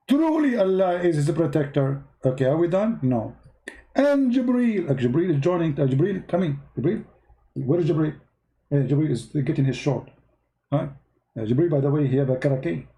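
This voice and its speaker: A man hosting a casual online commentary, talking sarcastically to his viewers in halting, non-native English with grammar slips. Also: a little high, warm tone. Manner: sarcastic, mocking, talks directly to viewers.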